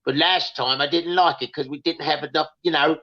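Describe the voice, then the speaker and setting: A man's voice: a little high, fairly even intonation, fairly quick, bright, forceful tone, highs cut off. A male comedian in a casual livestream chat, ranting and swearing with lots of repetition over a remote call. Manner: profane, ranting, repeats himself. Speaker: comedian guest.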